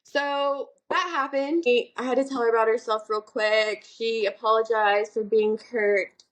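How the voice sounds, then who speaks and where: A woman's voice: a little high, fairly even intonation, unhurried. A young woman co-hosting a casual podcast, telling a story in a heated way, full of swearing. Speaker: podcast co-host.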